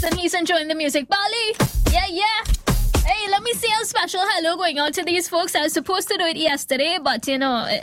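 A woman with a Trinidadian accent hosting a live radio show, giving bubbly shout-outs and reading ads. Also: very high voice. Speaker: radio host. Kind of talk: live radio chat and ad reads. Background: loud music bed.

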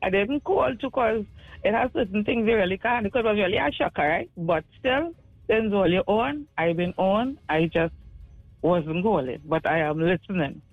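High-voiced caller on a phone line. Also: male voice, normal speed, no room sound, faint music behind. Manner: rambling, many "you know" fillers. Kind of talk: call-in radio chat. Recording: tinny phone line, dry.

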